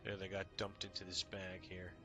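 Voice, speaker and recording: A man's voice: low-pitched, normal speed, over music. A man chatting casually with his viewers during a game stream, greeting them by name and swearing freely. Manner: talks to chat by name, excitable, swears casually. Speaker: live streamer. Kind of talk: casual gameplay stream chat.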